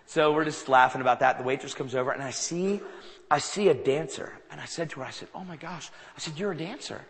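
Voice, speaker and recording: A man preaching a sermon to a live audience. He tells anecdotes in an animated way and acts out the dialogue. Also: mid-range voice, fast talker. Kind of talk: sermon storytelling. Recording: long reverb of a large hall.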